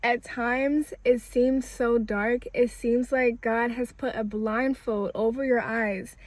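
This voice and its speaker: A young woman with a fairly high voice delivers an uplifting spiritual message. She talks casually and warmly, as if speaking to a friend. She stacks repeated phrases to build emphasis. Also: fairly even intonation, takes it slowly, no room sound. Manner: conversational and emphatic, with repetition. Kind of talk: casual inspirational preaching.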